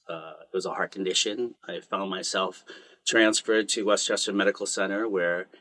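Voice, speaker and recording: A man telling his own story in an emotional podcast conversation, expressive and halting, laughing often and tearful. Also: lowish voice, no room sound. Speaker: guest.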